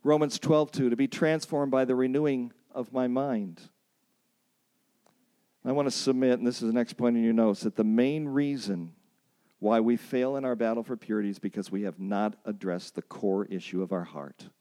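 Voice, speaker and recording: A man's voice: mid-range voice, normal speed, warm tone. A man preaching at a workshop, emphatic, repeating key phrases and calling on the audience to say lines back, with self-deprecating stories. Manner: storytelling with self-deprecating asides. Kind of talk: sermon.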